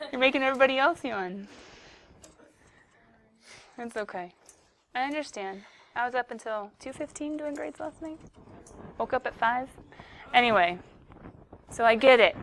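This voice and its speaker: A young woman teaching a high school math class, playful and chatty with her students, who she teases as she talks them through problems. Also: normal speed, long pauses, fairly bright tone.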